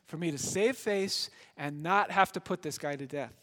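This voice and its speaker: Give me a man playing a rattled, scheming male Roman governor, high and insistent. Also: normal speed, sharp tone. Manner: pleading then indignant, rising emphatic pitch. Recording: long hall reverb.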